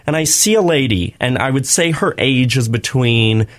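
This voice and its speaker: A man hosting a radio show, telling a long personal story in an earnest, rambling, animated way. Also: medium pitch, normal speed. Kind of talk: casual on-air storytelling.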